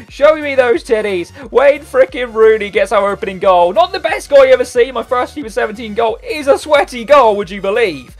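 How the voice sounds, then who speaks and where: An excitable lad in his twenties calls his own match as he plays it. His pitch leaps all over the place, from low mutters up to sudden yells, and he swears freely. Faint music plays underneath. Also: brisk, few pauses. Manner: excitable, swears often, bursts into loud shouts at goals. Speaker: gaming YouTuber. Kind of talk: live gameplay commentary. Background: faint background music.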